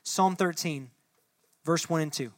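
A young man preaching a sermon to a congregation, talking to the room directly and rising from soft, low speech to loud, impassioned reading. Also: a little slow, dry recording. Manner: addresses the room directly, conversational asides. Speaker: pastor. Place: church hall before a congregation.

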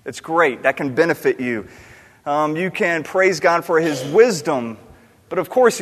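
A man preaching a sermon in an earnest, questioning way, repeating key words for emphasis. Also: fairly high pitch. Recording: long reverb of a large hall.

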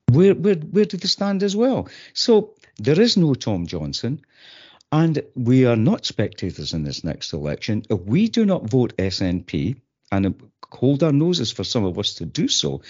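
Man, political podcast chat, halting, lively pitch, muffled recording. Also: husky. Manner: halting, many restarts, rising emphasis. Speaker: podcast co-host. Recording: dull lo-fi audio.

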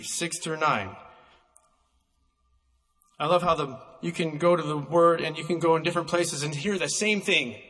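A man preaching a sermon, emphatic and slowing down to stress single words, recorded in a church hall. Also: on the high side, a bit bright.

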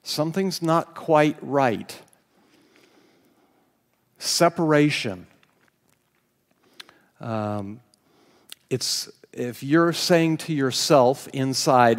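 Slow-talking preacher in an echoing hall. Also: male voice, mid-range voice. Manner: storytelling, self-deprecating, laughs while speaking. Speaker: pastor. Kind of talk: sermon. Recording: long hall reverb.

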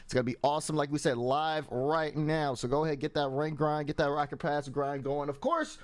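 A man hosts a casual esports show, rattling off promos in an upbeat, joking way. His voice sits high, and the recording is close and dry. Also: fairly even intonation, a little fast, smooth, no echo. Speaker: show host.

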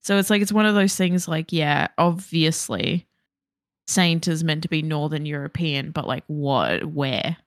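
Gravelly-voiced woman chatting casually. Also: sits low, measured pace, dry recording, studio quality. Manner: laughs often, rambling and tangential. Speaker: podcast co-host. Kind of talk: casual chat.

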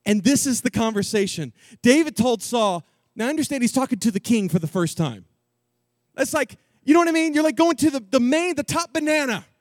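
High-voiced jokey male preacher. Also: brisk, no echo, studio quality. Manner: animated, jokey, slangy. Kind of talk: storytelling sermon.

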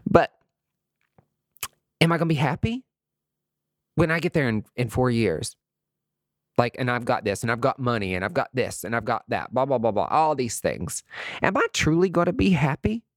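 A man in his late thirties hosting a podcast, talking in an expressive, emotional and chatty way, full of fillers and asides. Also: medium pitch, normal speed, long pauses, no room sound, clean studio sound. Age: late 30s. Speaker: podcast host. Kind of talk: reflective solo podcast monologue.

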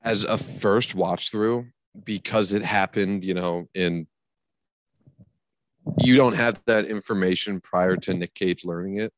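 Lowish guy voice, dry room, joking around about a movie w his cohost. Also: fairly even intonation, unhurried, no room sound. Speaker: podcast co-host. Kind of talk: casual movie review chat.

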